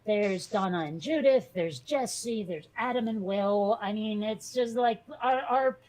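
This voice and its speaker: A woman's voice: medium pitch, measured pace, a little mellow. A woman co-hosting a casual podcast chat, talking in a rambling way with many fillers and restarts. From from a Catholic Italian family. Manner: chatty, hesitant with many fillers. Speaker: podcast co-host.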